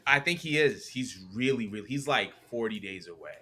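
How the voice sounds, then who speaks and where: A man's voice: medium pitch, expressive, fairly quick, pushed and bright. A man co-hosting a podcast, casual and teasing, often laughing as he talks. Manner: teasing, laughs while talking. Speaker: podcast co-host. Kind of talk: casual chat.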